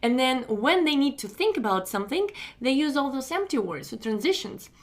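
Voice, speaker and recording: A woman's voice: high voice, very animated. Woman teaching English speaking. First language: Russian. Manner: encouraging, repetitive, measured with pauses. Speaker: English test-prep teacher. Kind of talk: recorded online lecture.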